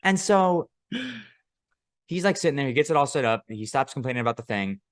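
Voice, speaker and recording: A man's voice: mid-range voice, lively intonation, quick pace, no echo, clean studio sound. A man co-hosting a podcast, telling a long story in casual chat, profane and rambling, often laughing. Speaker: podcast co-host.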